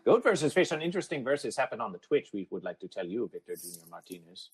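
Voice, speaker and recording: A man's voice: medium pitch, very animated, quick pace, music in the background, low-quality recording. A man hosting an absurdist comedy podcast who talks about himself in the third person, speaks formally without contractions and repeats his catchphrases like a chant. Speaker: podcast host. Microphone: phone app audio.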